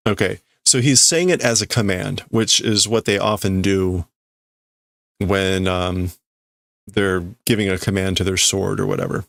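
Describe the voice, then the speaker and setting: Slow, gravelly man thinking aloud. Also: low-pitched, steady tone, fairly bright tone, no echo, clean studio sound. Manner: thinks aloud, hesitant, self-correcting. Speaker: livestreamer. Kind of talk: casual manga reading and translating.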